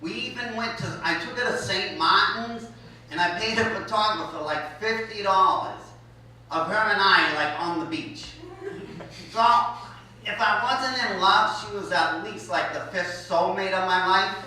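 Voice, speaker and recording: A man's voice: sits high, moderate pace, pushed and bright, slight background noise. A man doing a stand-up comedy set, telling a story in a blunt, profane, self-mocking way. He speaks into an echoey college hall in front of a live audience. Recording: echoey hall, mic heard from a distance.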